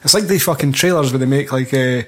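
A man's voice: medium pitch, quick pace, a bit bright. A young man co-hosting a podcast, talking bluntly and crudely about a film with laughter. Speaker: podcast co-host. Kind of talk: casual film review chat.

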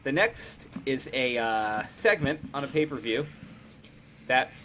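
A man's voice: medium pitch, lively intonation, slow pace, sharp tone, slight background noise. A man co-hosting a casual recap chat, running through events and laughing often. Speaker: podcast co-host.

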